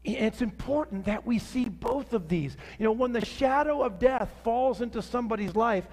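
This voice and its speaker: Male pastor, sermon delivery, animated with sudden quiet drops, high voice, reverberant hall. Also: normal speed. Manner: animated preaching, rising to outrage then dropping soft.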